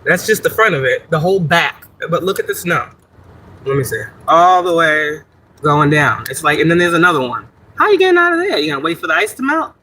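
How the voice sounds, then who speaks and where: A woman chats on a phone-camera livestream from her parked car in a snowy lot. Her voice is bright and forceful, and she swears freely and laughs often as she rambles through a story. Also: low-pitched, expressive, brisk, a little hiss or hum, poor audio. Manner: profane, laughing, chatty storytelling. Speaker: spiritual reader and livestream host. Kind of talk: casual livestream chat.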